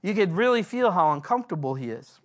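Pastor guy teaching a bible passage verse by verse, earnest, reads the verses slow. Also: high voice, big pitch swings. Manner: earnest, slows down to read scripture aloud.

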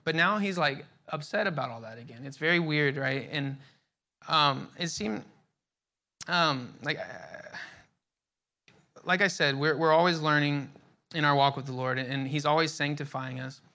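A man's voice: on the high side, measured pace, pushed and bright. A young man teaching a Bible passage in a loose, conversational way, full of fillers and restarts. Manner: conversational, many fillers and repeated words.

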